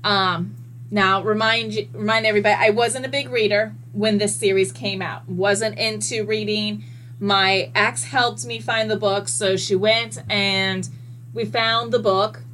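A woman guest in a casual podcast chat, telling stories in an animated way and swearing freely. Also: medium pitch, unhurried, a little hiss or hum, rough recording. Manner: animated, profane storyteller.

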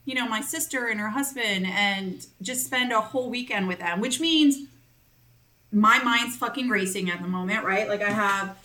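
A woman in her forties co-hosting a casual chat, animated and quick to laugh, swearing freely. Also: medium pitch. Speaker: podcast co-host.

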